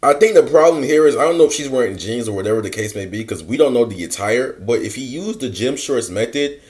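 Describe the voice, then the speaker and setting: A man's voice: medium pitch, expressive, fast, darkish tone. A man hosting a dating advice reaction, talking bluntly and casually with lots of slang. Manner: blunt, slangy, mock-lecturing.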